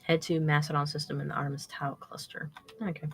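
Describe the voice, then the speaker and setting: A woman chatting casually on a livestream while playing a game, chatty and animated. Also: low voice, fast talker, breathy edge. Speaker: guest playing the game on stream. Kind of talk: casual chat.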